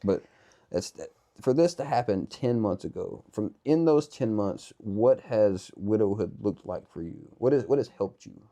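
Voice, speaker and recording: Low, dark-voiced male podcast host. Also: expressive, moderate pace. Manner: rambling, earnest, thinks aloud. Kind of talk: conversational interview.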